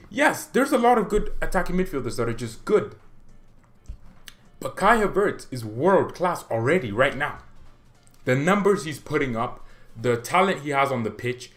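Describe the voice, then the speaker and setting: A man's voice: mid-range voice, fairly bright tone. Young guy ranting about football transfers, rambly and opinionated, faint music behind. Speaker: fan channel host. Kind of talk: casual football commentary monologue.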